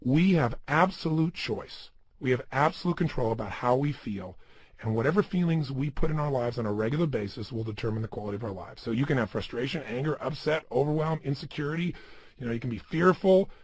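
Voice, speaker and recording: A man with a husky, fairly high voice delivers a motivational seminar talk. His pitch swings widely as he presses his points home with emphatic rhetorical questions. The sound is dry and close. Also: expressive, brisk, no room sound. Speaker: motivational speaker.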